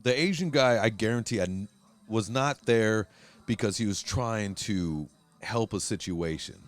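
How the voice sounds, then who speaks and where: A man hosting a casual podcast chat, telling a story in a profane, animated way and acting out quotes. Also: on the low side, unhurried, faint music behind. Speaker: host. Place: Huntington Beach, California.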